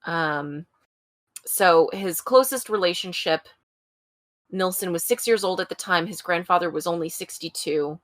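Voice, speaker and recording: A woman's voice: on the low side, unhurried, fairly bright tone, no room sound, clean studio sound. A woman co-hosting a true-crime podcast, telling the story casually with wry asides. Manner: chatty, wry asides with frequent laughs. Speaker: podcast co-host.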